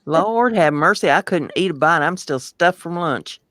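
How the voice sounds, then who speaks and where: A man's voice: fairly high pitch, expressive, moderate pace, fairly bright tone, no echo. A man from Ohio with a rural Ohio accent, co-hosting a casual livestream chat in a folksy, teasing way and laughing easily.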